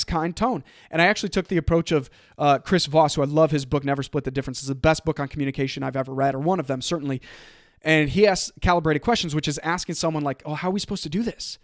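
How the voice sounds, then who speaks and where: A man hosting his own motivational podcast, telling a story in an energetic, conversational way and quoting others in his own voice. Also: fairly high pitch, no room sound, clean studio sound. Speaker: podcast host.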